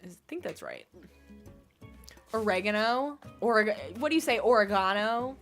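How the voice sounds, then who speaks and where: Soft background music accompanies a young woman with a gravelly, slightly bright, medium-pitched voice that swoops wildly, delivered at a quick pace. Streaming a game, she giggles and bubbles along, reading chat and musing about word pronunciations in a casual livestream chat.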